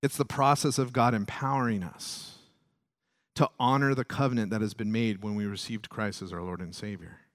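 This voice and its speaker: Dry-sounding pastor preaching with big swings. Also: male voice, steady tone, normal speed, no echo. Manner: rises loud and high when stirred, drops low and soft to reflect; acts out quoted prayers and voices. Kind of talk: sermon.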